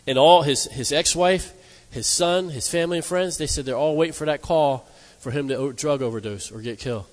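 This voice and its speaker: A man's voice: on the high side, fairly quick. Emphatic preacher man in a reverberant hall. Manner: emphatic, asks the congregation "amen?". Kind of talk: sermon.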